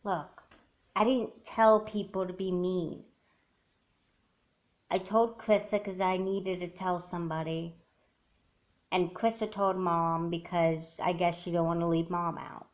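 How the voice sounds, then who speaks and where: A woman's voice: fairly low pitch, level tone, a little slow, long pauses, natural voice. A woman voicing an earnest young girl who explains herself in a doll movie. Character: girl who broke a friend's secret.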